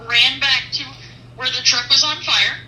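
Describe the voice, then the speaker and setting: A woman truck driver telling a personal faith testimony in an earnest, animated storytelling manner, with pauses. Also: high voice, echoey room, distant mic, a little hiss or hum, rough recording.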